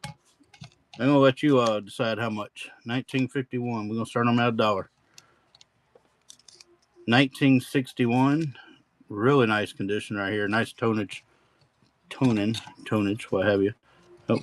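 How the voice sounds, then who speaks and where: A man's voice: on the low side, steady tone, poor audio. Folksy man calling a coin auction. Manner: folksy, rambling, quick auctioneer patter. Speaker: live auction host. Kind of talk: live-stream coin auction.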